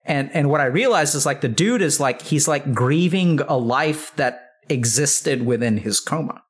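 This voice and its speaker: A man's voice: a little high, animated, normal speed, husky. Casual swearing man telling a story. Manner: rambling, heavy use of "like", swears freely. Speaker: psychiatrist, podcast guest.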